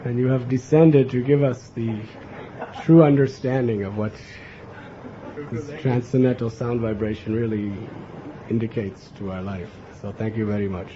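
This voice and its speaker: An American spiritual teacher gives an earnest devotional lecture, frequently turning to the audience with a questioning "huh?". His medium-pitched voice is steady and moderately paced, heard over a noisy background in a dull lo-fi recording with faint ambience.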